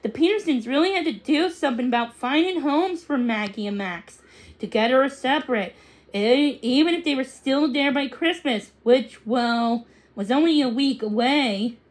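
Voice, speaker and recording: A woman reading a children's book aloud, unhurried, with small slips and restarts. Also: high voice. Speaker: story reader.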